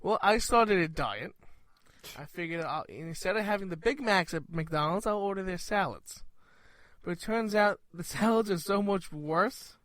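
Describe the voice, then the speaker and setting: A man's voice: high voice, animated, normal speed, a bit bright, dry recording. Dry-voiced laid-back man with a Brooklyn accent. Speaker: comedy talk show co-host.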